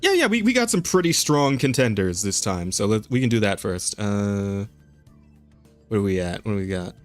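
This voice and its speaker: A man's voice: on the low side, sing-song, normal speed, soft background music. Joking male podcast co-host. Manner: loose, joking, laughs often, stumbles over words. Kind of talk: casual podcast chat.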